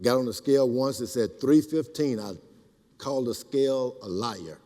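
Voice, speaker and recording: An older man tells lively stories to a crowd, acting out each quoted line. His voice sits at an ordinary middle pitch. A long hall reverb trails behind every word. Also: moderate pace. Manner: animated, acts out quotes. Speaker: speaker. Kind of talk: storytelling speech.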